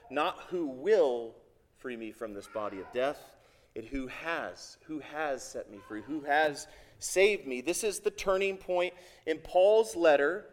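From the pulpit, a pastor delivers a sermon in a voice pitched higher than most men's and a touch mellow. He's earnest and emphatic, hammering each point home with repeated phrases.

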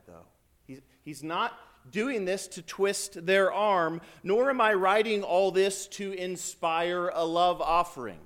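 A priest delivers a sermon in church, his voice sitting a little above the usual male pitch. He preaches in an animated, conversational way and swells in force when he acts out quoted lines.

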